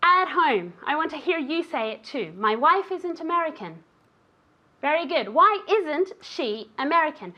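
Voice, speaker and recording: A woman with a high, bright voice leads an English lesson. She keeps checking in with "okay?" and speaks to her student and to viewers at home. The recording sounds a little dull and lo-fi. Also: sing-song, unhurried. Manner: encouraging, ends phrases with "okay?". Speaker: English teacher.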